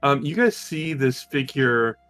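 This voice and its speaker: A man narrating as game master, stumbling through scenes with plenty of ums. His voice sits at an ordinary pitch. Faint background music runs under him. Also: animated, a little slow, a bit bright. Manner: loose, hesitant, lots of ums.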